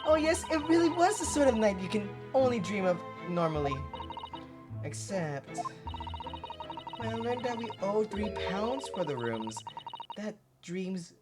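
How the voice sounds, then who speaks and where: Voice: medium pitch, sing-song, unhurried, loud music behind the voice, voice pushed up. A gamer reading out the lines of a polite young Japanese woman assistant, earnest and courteous. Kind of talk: reading game dialogue aloud.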